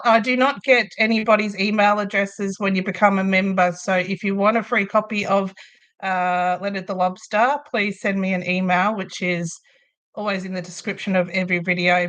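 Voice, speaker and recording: A woman with a medium pitch and a slightly bright sound chats casually while crocheting on a livestream she hosts from a room at home. She's Australian, tends to ramble, and laughs a lot.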